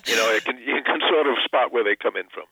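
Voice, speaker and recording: A man's voice: medium pitch, fast, creaky, bright, forceful tone, breathy edge. An older man, an actor and comedian, chatting in a phone interview, self-deprecating and full of restarts. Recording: tinny phone line.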